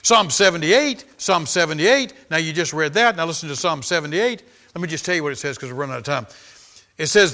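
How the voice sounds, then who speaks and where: A pastor preaching with a bright, forceful voice that sits a little high for a man. He hammers his points through repetition and calls out for amens. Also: animated, brisk. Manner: emphatic preaching, repeating phrases, calling for amens. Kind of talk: sermon.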